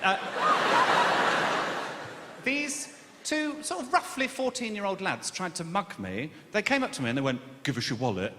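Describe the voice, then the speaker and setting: A man's voice: high voice, sing-song, unhurried, pauses often, a little hiss or hum. A man from Birmingham doing a stand-up comedy set, camp and self-mocking in a sardonic storytelling way. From Birmingham, England. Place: comedy club stage. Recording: echoey live room with long reverb. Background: loud audience ambience.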